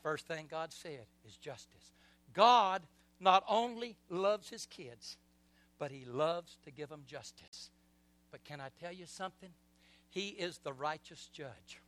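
A middle-aged male pastor preaching with passion, swinging between soft passages and loud surges and calling on the congregation to repeat after him. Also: fairly high pitch, animated, slow. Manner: impassioned preaching with call-and-response. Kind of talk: sermon.

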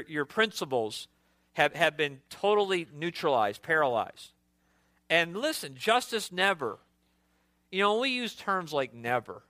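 Bright, emphatic preaching man. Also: no echo. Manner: emphatic preaching with sudden pitch jumps and stumbling repeats. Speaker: pastor. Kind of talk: sermon.

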